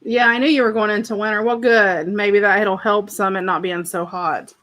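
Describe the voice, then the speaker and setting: A woman's voice: medium pitch, fairly even intonation, normal speed, fairly bright tone. A woman hosting a casual craft livestream from home, chatting with viewers and reading their comments aloud. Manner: chatty, friendly, laughs easily, reads viewers' comments aloud. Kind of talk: casual chat with live viewers.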